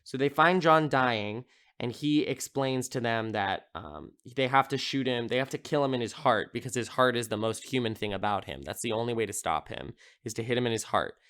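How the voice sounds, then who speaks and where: Smooth-voiced man rambling through a recap. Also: medium pitch, expressive, brisk, a bit bright. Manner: rambling, filler-heavy, amused. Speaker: podcast host. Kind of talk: casual film recap.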